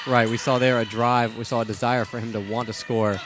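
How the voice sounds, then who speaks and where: A man's voice: medium pitch, level tone, brisk, background noise. A young man giving basketball color commentary, analytical and loose, with frequent ums and restarts.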